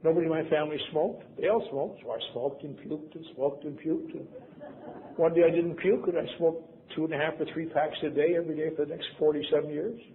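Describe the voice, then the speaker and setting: A man's voice: a little high, fairly even intonation, fairly quick. Wry older man telling his story on a lo-fi tape. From Wisconsin, USA. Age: 70s. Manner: wry, self-mocking, acts out quoted voices. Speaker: convention speaker. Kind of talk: personal storytelling talk. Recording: lo-fi tape, phone-like, faint hiss.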